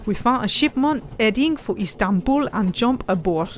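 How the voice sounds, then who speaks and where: A woman with a slightly high voice hosting a let's play. She chats casually and reads the game text aloud with playful emphasis. She giggles often between lines. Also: animated, moderate pace, a little hiss or hum. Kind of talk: casual gameplay chat and reading aloud.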